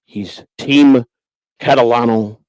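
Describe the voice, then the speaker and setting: A man's voice: mid-range voice, steady tone, takes it slowly, a little mellow, no room sound, poor audio. A man hosting a livestream, reading super chats in crude, grumbling, teasing casual chat. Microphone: homemade desk mic.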